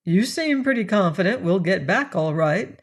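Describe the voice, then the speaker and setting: A woman voicing a good-humoured young man in an audiobook, teasing and gently insistent. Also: mid-range voice, expressive, normal speed, breathy edge. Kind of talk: audiobook character reading.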